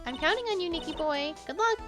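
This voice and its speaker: A woman putting on a doting wife who drips sugary charm and fancies French endearments. The voice sits high, and game music plays underneath. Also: animated, fast. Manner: affected, sugary.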